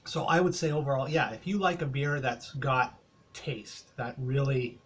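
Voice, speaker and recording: A man's voice: medium pitch, fairly even intonation, moderate pace, a bit bright, breathy edge. An older man with a Canadian accent, talking through a casual rambling beer review, full of hesitations and fillers.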